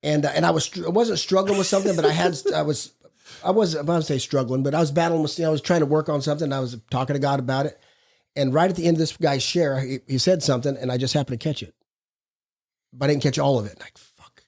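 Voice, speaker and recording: A man's voice: on the high side, fast talker, creaky, a little mellow. A middle-aged man co-hosting a recovery podcast, telling stories in a blunt, profane, casual way. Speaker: podcast co-host. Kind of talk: casual recovery group chat.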